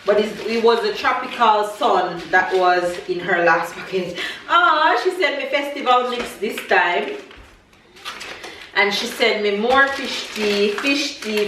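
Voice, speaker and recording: A woman's voice: mid-range voice, animated, slow pace, far from the mic, a little hiss or hum. Emotional mother vlogging, echoey room. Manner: emotional, teary and laughing, speaking gently to her child. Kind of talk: casual family vlog, unboxing a package.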